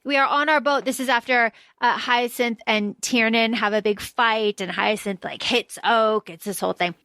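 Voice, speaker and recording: A woman's voice: a little high, fairly even intonation, moderate pace, bright, forceful tone, no room sound. Chatty, foul-mouthed woman podcaster. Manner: chatty, swears freely, acts out characters' lines. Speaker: podcast co-host. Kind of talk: casual book discussion.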